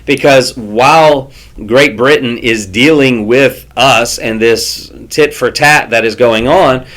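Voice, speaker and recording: A man's voice: medium pitch, slow, a bit bright. A man co-hosting a casual history podcast, chatty and playful, thinking aloud as he talks. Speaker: podcast co-host.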